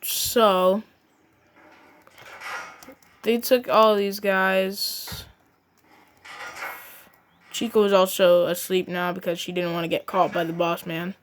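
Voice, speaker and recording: A woman's voice: on the low side, flat delivery, slow pace, pauses often, slight background noise. A woman casually narrating a plush toy story, rambling as she goes.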